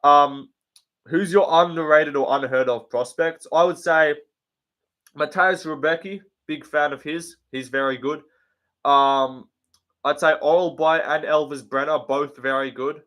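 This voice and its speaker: A man's voice: fairly high pitch, steady tone, measured pace, fairly bright tone. A man hosting a casual live show, answering viewer questions in a blunt, sweary and rambling way with many ums and likes. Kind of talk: casual livestream chat.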